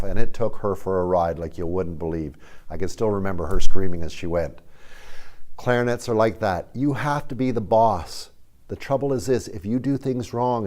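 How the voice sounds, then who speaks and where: Folksy, animated man teaching kids. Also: lowish voice. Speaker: music teacher. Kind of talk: instructional video lesson for kids.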